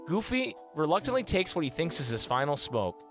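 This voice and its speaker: An animated man reads a silly fan script aloud on a comedy podcast, his pitch bouncing as he goes. He sits a little high for a man, with faint music underneath. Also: brisk. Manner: animated, laughing through narration. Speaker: podcast host.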